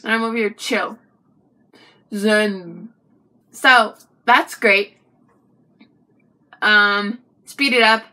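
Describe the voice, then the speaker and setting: A young woman vlogger telling a personal story to the camera in a chatty, animated way, with frequent asides to the viewer. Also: medium pitch, very slow, long pauses.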